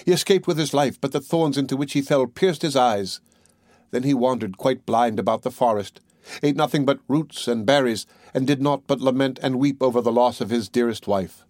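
A man's voice: mid-range voice, normal speed, a little mellow, dry recording, clean studio sound. Man reading a fairy tale aloud. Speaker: audiobook reader. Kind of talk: storybook narration.

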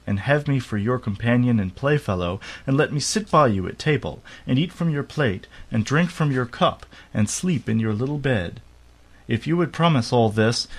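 A man's voice: mid-range voice, lightly acted. A man voicing a small, insistent male frog in a storybook reading, coaxing and pleading. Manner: coaxing, wheedling, raised voice.

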